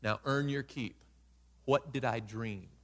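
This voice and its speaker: A man's voice: mid-range voice, takes it slowly, voice pushed down. A man playing an impatient, demanding ancient king in a sermon. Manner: exasperated, demanding.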